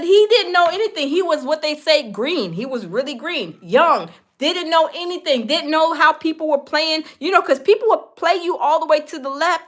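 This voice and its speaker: This woman's voice is high-pitched and a bit bright as she hosts a celebrity gossip commentary. She's chatty, speaks straight to her viewers, and uses lots of fillers.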